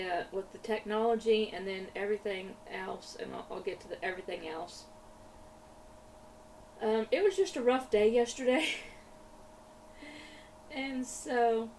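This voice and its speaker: Her voice is mid-range and a little mellow. A craft vlogger, she chats in a rambling, casual way while crafting, often laughing and repeating herself; the slightly distant mic catches faint room noise.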